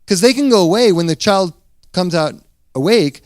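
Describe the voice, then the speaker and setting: Animated conversational pastor, man. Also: high voice, moderate pace, dry recording, studio quality. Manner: conversational, animated storytelling with restarts. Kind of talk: sermon.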